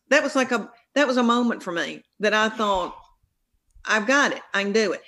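A woman's voice: medium pitch, animated, moderate pace, bright, forceful tone. A middle-aged woman with a real Southern accent, a comedian guest chatting in an interview, folksy and rambling, often breaking off and restarting. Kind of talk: casual interview storytelling.

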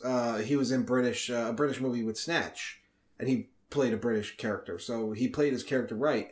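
Profane, animated male podcast host. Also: medium pitch. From New York area. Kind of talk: casual chat.

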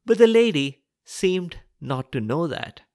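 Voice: mid-range voice, sing-song, measured pace, darkish tone, no room sound, clean studio sound. A podcast host narrating a folk tale with wry, chatty asides to listeners. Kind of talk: storytelling narration.

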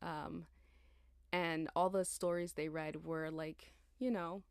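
A woman's voice: low-pitched, fairly even intonation, takes it slowly, gravelly, clean tone, no room sound, clean studio sound. A young woman in her twenties rambling casually and tiredly about her life, chatty and slangy, laughing as she digresses. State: tired, yawning. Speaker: podcast host.

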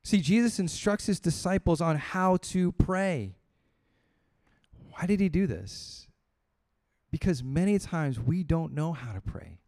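A man preaching a sermon as pastor, telling a story with lively acted-out voices and dropping to quiet emphasis on key points. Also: unhurried. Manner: storytelling, acts out quoted voices with rising pitch.

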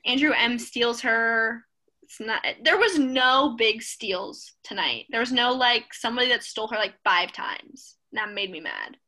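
A woman co-hosting a podcast, recapping a TV show in an opinionated, animated casual chat. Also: fairly high pitch, a little slow, low-quality recording. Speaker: podcast co-host.

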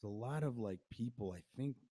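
A man hosting a casual chat, telling a story with lots of swearing and quick impressions of people he met. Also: mid-range voice, slightly rough, dry recording. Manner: profane, animated storytelling with impressions. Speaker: podcast host.

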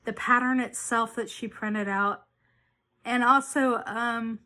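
A woman's voice: on the high side, steady tone, slow, sharp tone. A woman hosting a knitting podcast, chatting casually and rambling with frequent restarts and self-corrections. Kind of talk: casual chat.

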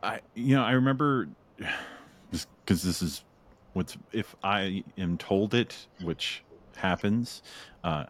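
A man with a fairly low voice hosts a podcast in relaxed conversation. He is chatty and laughs often. He slips into quick spoken asides that act out his own thoughts. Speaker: podcast host. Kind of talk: casual interview chat.

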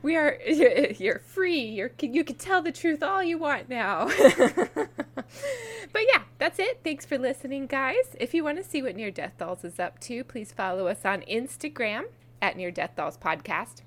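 Lively chatty woman podcast host. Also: high-pitched, normal speed. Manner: chatty, laughs often, lively. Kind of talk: casual podcast chat.

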